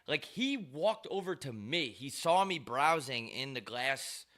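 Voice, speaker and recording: A man's voice: medium pitch, very animated, unhurried, a bit bright. A man hosting his own show, telling rambling, profane, wry stories in a loose monologue. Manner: profane, wry, ranting storyteller. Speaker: show host.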